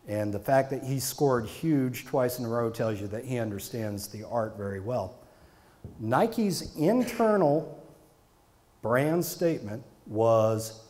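Man, middle-aged, marketing consultant, live lecture, emphatic, repeats phrases for weight, mid-pitched voice. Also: warm tone.

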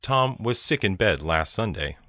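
A man reading short example sentences slowly and carefully for a language lesson. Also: fairly low pitch, expressive, pushed and bright, dry recording, clean studio sound. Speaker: sentence reader.

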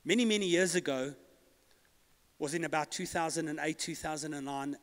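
Give me a man preaching a sermon in a long-echoing hall, with a high voice and emphatic calls to the congregation. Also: fairly quick. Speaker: pastor. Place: church hall.

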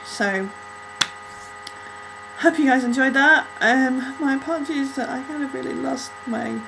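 A woman gushing over a music video in an excitable, flustered reaction vlog, out of breath and struggling to calm down. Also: high-pitched, measured pace, gravelly, background noise.

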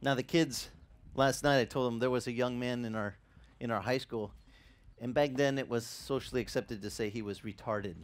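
A middle-aged male pastor giving a sermon, telling stories in an animated way and acting out the dialogue. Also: mid-range voice, moderate pace. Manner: animated storytelling that acts out dialogue.

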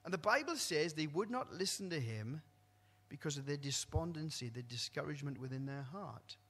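A man with a fairly high, bright, forceful voice delivers a sermon, jumping from loud, ringing exclamations to hushed, low asides. His voice rings with the long reverb of a church hall. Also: lively intonation, moderate pace. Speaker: preacher.

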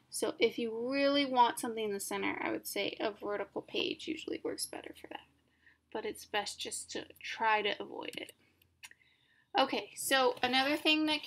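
A woman's voice: a little high, fairly bright tone. A woman giving a recorded art lesson, talking casually and correcting herself often with fillers. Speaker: art teacher.

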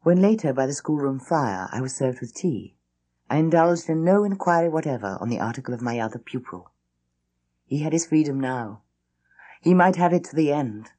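A woman reads a classic ghost story aloud with intense, dramatic feeling. Her voice sits a little low, and her pitch swings widely to match each turn of the tale. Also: expressive, normal speed, warm tone. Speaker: audiobook reader. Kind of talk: dramatic audiobook narration.

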